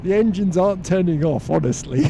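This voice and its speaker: A man chatting casually on a flight sim live stream, talkative and quick to laugh. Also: high voice, animated, vocal fry, mellow, a little hiss or hum. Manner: chatty, laughs easily, uses slangy exclamations.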